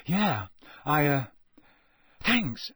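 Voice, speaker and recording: A man's voice: fairly high pitch, big pitch swings, husky, dry recording, studio quality, voice pushed up. A man voicing a nervous teenage boy who speaks weakly and hesitantly. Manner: hesitant and weak, with halting fillers. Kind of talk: audiobook character voice.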